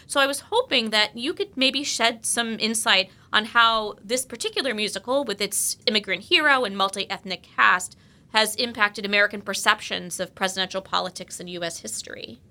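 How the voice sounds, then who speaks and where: Woman, panel host, poised and formal, bright voice. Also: mid-range voice, normal speed. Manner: reads a careful, formal question. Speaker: host posing questions. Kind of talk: prepared question on a panel.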